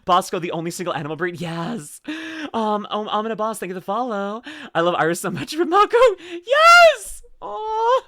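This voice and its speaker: Bright, rambling streamer on a dry mic. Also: mid-range voice, fast, no room sound. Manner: rambling, excitable, lots of "like" and laughter. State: tearing up. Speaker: streamer reacting to a video. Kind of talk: casual reaction commentary.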